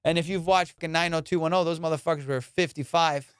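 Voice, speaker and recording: A young adult man hosting a comedy podcast, telling a story in an animated, profane way and acting out quotes. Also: fairly high pitch, fast talker, clear, resonant tone, no echo, studio quality.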